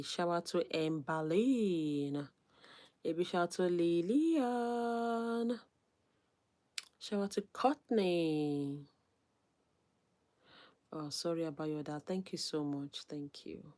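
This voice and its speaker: A female YouTuber with a low voice hosts a casual livestream, reading comments and viewer names aloud and giving shout-outs. She's soft and unhurried, sometimes dropping to a near-whisper.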